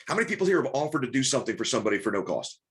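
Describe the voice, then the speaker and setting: A man leads a group coaching call in a mid-pitched voice. He talks fast, restarts his sentences and keeps pressing the group with rhetorical questions. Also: very animated. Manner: rapid, repetitive restarts, coaxing and rhetorical questions. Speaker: business coach.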